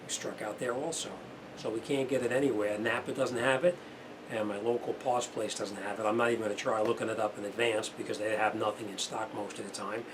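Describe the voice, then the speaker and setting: A man's voice: lowish voice, steady tone, a little fast, background noise. A man, an auto mechanic talking casually and bluntly as he walks viewers through a hands-on repair.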